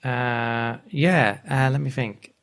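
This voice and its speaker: A man hosting a podcast interview, relaxed and a little hesitant, with plenty of ums as he asks questions. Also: medium pitch, takes it slowly. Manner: relaxed, hesitant, many fillers. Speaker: podcast host.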